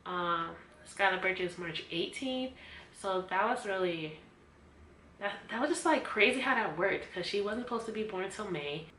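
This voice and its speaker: A woman telling a personal story in a vlog, animated and acting out what others said, at times close to tears. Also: mid-range voice, moderate pace. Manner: emotional, near tears. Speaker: vlogger. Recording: echoey room with faint noise.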